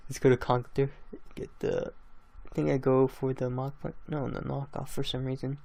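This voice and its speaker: A man's voice: medium pitch, flat delivery, normal speed, vocal fry, few pauses, darkish tone. A drowsy young man recapping his online game battles in a casual, rambling way, laughing at his own plays. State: drowsy, just woke up. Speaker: gaming channel host.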